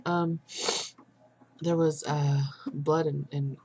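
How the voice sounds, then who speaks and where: A young woman vlogging a casual video update, exhausted and frustrated, rambling with many pauses and fillers. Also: sits low, flat delivery, mellow, slight background noise.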